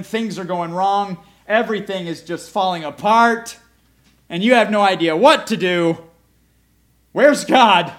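A pastor with a somewhat high voice delivers a lively sermon. He drops to near-murmurs, then builds to loud, emphatic calls, with joking asides and questions thrown to the congregation. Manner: animated preaching, shifts from quiet asides to loud emphatic calls; humorous, asks the congregation rhetorical questions.

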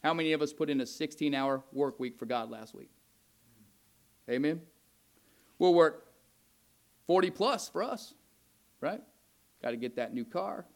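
Male pastor, high voice, sermon delivery with congregation asides and scripture reading. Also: animated, measured pace, long pauses. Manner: grows loud and heated when voicing God's anger.

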